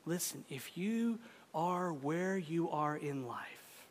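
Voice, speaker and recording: Slow impassioned man preaching in a hall. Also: fairly high pitch, animated, a little hiss or hum. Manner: impassioned, swinging from loud to hushed. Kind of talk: sermon. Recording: echoey hall.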